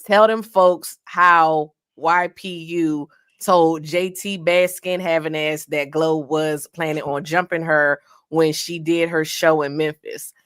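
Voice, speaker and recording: An angry young woman dancer, voiced by a woman, calls out a former friend in a put-on Southern street accent. Her voice sits a little low and the sound is dry and close. She reads the lines out loud. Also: steady tone, slow pace, hardly any pauses, clear, resonant tone, dry recording. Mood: accusing.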